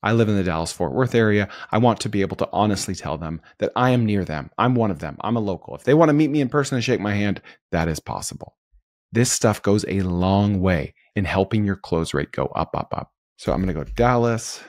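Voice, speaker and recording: A man's voice: fairly low pitch, lively intonation, brisk, no echo, studio quality. A man hosting a screen-recorded tutorial, upbeat and talking through each step as he clicks. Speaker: host.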